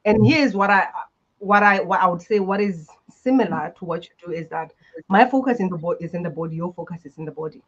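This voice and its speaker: A podcast guest who works as a healer, talking emphatically, with big swings in loudness. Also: mid-range voice, fairly quick, slightly rough, muffled recording. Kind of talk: casual panel talk.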